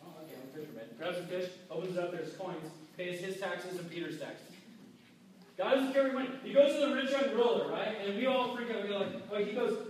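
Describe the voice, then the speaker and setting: A man's voice: high voice, a little fast, a little hiss or hum. A man preaching a sermon as pastor, talking casually and acting out quoted people. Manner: conversational preaching, acts out quotes. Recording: echoey hall from far off.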